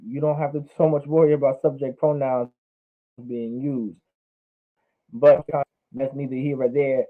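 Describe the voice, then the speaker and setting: A man teaching a language class online, drilling words by repeating them slowly. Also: mid-range voice. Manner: repetitive, drills pronunciation slowly. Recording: phone-like narrow sound.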